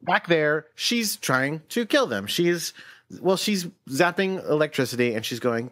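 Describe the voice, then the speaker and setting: A man co-hosting a relaxed podcast, recapping an episode with playful jokes. His voice is animated and swings widely in pitch. It sits a little on the higher side for a man. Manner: playful, retells scenes in quick silly voices. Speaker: podcast co-host. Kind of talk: casual chat recapping an anime episode.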